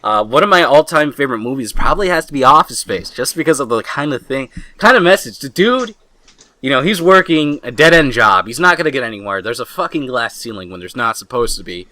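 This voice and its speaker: A young man co-hosting a podcast in casual chat, rambling excitably and swearing a lot. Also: medium pitch, fairly quick, dry recording. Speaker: podcast co-host.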